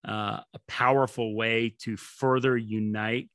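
Podcast host: thoughtful man, tense bright tone, dry sound. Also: fairly low pitch, flat delivery, a little slow, no echo. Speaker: podcast host, strength coach. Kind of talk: casual podcast conversation.

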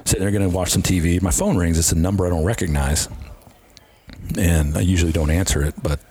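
A man's voice: sits low, fairly even intonation, fast talker, mellow, breathy edge, no echo. A middle-aged man, a strength and conditioning coach, earnestly telling career stories in an interview and acting out past conversations. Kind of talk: casual interview storytelling.

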